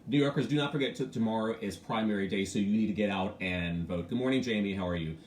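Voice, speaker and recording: A man's voice: on the low side, quick pace. A man hosting a casual morning live stream. He talks frankly and with animation, and he greets viewers by name between his thoughts. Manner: frank and animated, mimics other voices. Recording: echoey room with faint ambient noise.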